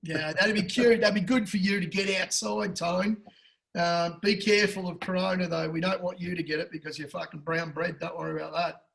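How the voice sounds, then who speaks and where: An Australian man with a high-pitched voice talks racing tips in a rowdy, profane way. He gets fired up and loud, then drops to a low mutter for jokes. It is casual podcast banter between mates. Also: brisk, gravelly, low-quality recording. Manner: loud, crude and excitable, swears a lot. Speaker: podcast co-host. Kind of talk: casual betting tips chat.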